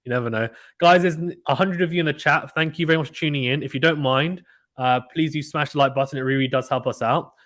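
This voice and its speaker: A man giving casual, excitable play-by-play commentary of a tennis match from home, chatting with viewers between points. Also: a little high, quick pace. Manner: chatty, excitable, reacts loudly to misses. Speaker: live stream commentator.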